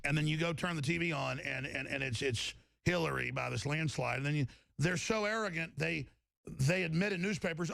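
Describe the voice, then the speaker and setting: A man's voice: on the high side, moderate pace, creaky, fairly bright tone, dry recording. A man hosting a talk-radio show, delivering an emphatic, rambling monologue and often repeating himself.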